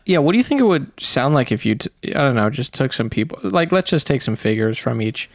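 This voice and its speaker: A man's voice: medium pitch, very animated, a little fast, no echo, studio quality. A male podcast co-host chatting in a mock-earnest, conversational way. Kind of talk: casual podcast chat.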